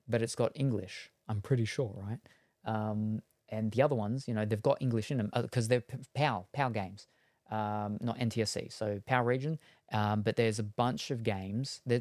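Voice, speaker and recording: Australian streamer, rambling casual chat, dry close sound, mid pitch. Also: darkish tone, no echo. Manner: rambling and hesitant, many ums; chatty, answers chat, laughs at itself. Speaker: game streamer.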